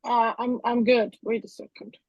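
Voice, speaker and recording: A woman team member answering a question on a group video call, hesitant and halting. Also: fairly high pitch, flat delivery, darkish tone, breathy edge, no room sound, muffled recording.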